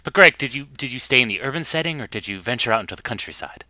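A man's voice: medium pitch, expressive, very fast, sharp tone, dry recording. A man from the United States who chats casually as a co-host, joking and often stammering over repeated words. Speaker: podcast co-host, trivia night host. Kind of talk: casual chat.

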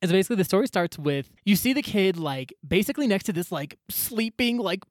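A woman's voice: medium pitch, animated, quick pace, no room sound, studio quality. A woman co-hosting a casual chat, slangy and profane, laughing often. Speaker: podcast co-host.

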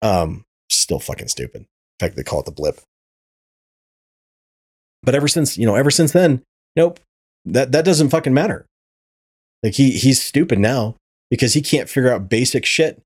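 A man's voice: mid-range voice, very animated, moderate pace, pauses often, husky. A man hosting a podcast, ranting in casual chat, swearing freely and stumbling over repeated words. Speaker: podcast host.

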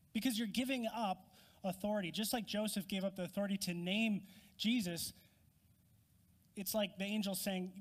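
A man's voice: high-pitched, moderate pace. A man preaching a sermon as pastor in a church, earnest and conversational, acting out quoted voices. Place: church sanctuary. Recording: long reverb of a large hall.

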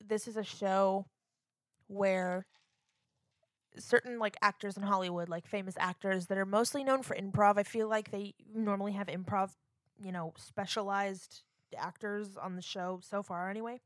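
A woman's voice: medium pitch, fairly even intonation, normal speed, no echo, clean studio sound. A woman from Florida co-hosting a casual podcast chat, talking freely with lots of "like" fillers. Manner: chatty, filler-heavy, lots of "like". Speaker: podcast co-host.

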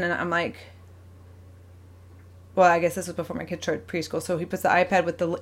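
Woman in her thirties, rambling personal story. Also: lowish voice. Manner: rambling, with many fillers, self-corrections and acted-out quotes; clears her throat often. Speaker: vlogger. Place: at home.

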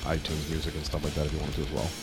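Fast-talking blunt man. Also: very deep voice, monotone, over music. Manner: blunt, cussing, opinionated. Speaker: podcast co-host. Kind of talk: casual chat.

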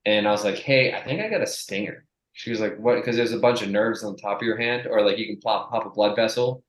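A young adult man, a strength coach, telling a profane, animated story in casual chat and acting out the people he quotes. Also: fairly low pitch, fast talker, echoey room, poor audio.

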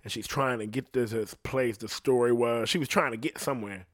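A man's voice: mid-range voice, fairly quick, dry recording, clean studio sound. A young man telling a crude story in casual chat, profane and rambling, laughing between lines. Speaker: podcast storyteller.

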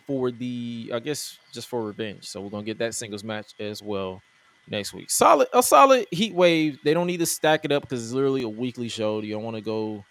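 A man co-hosting a podcast, chatting casually and jokingly about wrestling with loose restarts. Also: medium pitch. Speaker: podcast co-host.

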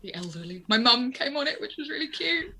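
A woman's voice: sits high, sing-song, a little fast, crowd noise. A woman chatting casually as a podcast co-host, laughing often and swearing freely. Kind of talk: casual chat.

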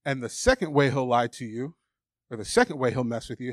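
A man's voice: mid-range voice, lively intonation, fairly quick, dry recording, studio quality. A man preaching a sermon, emphatic and candid, reading scripture aloud and acting out the doubting voices people hear. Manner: emphatic, candid, acts out mocking inner voices.

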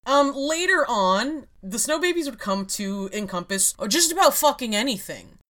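A woman's voice: fairly high pitch, animated, moderate pace, fairly bright tone. A woman hosting a casual podcast, explaining a topic in a wry, rambling way and laughing often. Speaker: podcast host.

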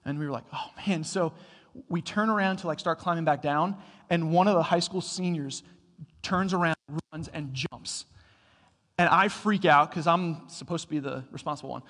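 A man delivers a sermon in a church hall, his voice a touch higher than most men's. He tells stories with rising energy, then slows to quiet, deliberate emphasis. A long reverb trails every word. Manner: storytelling, builds to loud excited bursts then drops quiet. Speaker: pastor.

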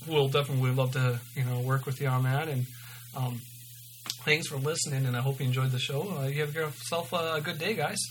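A man's voice: mid-range voice, steady tone, brisk, background noise. A man hosting a podcast, reading his own story aloud and signing off loosely with lots of ums. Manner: loose and informal, many ums. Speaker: podcast host.

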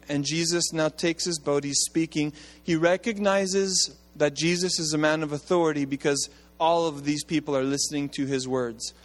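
A man preaching a sermon as pastor, conversational and animated, with asides to his congregation. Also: a little high, in a large hall.

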